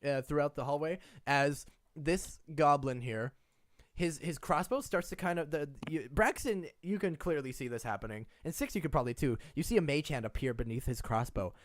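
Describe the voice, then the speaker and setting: A man's voice: a little high, animated, moderate pace, no room sound. A man narrating as game master, stumbling and restarting as he describes the scene.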